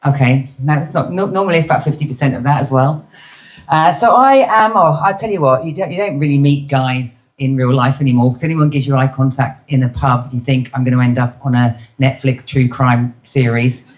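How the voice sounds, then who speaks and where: A woman's voice: a bass voice, steady tone, fairly quick. A middle-aged British woman doing stand-up, chatting cheekily with the audience. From Britain. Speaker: stand-up comedian. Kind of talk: stand-up crowd work. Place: comedy venue with live audience.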